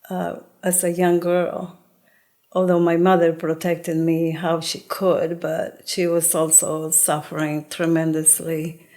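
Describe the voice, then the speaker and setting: A woman's voice: fairly low pitch, darkish tone. Earnest woman from Colombia telling her story. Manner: earnest, reflective, retells conversations in quotes. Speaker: storyteller guest. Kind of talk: personal storytelling.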